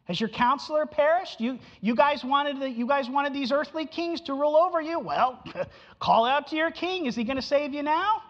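A man voicing a mocking ancient male prophet who taunts his listeners sarcastically, in a raised, higher voice. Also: normal speed, fairly bright tone, dull audio.

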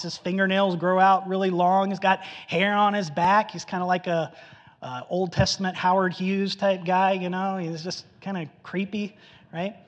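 A man preaching a sermon in an animated storytelling manner, acting out the voices of the people he quotes. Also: high-pitched, big-room sound. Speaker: pastor.

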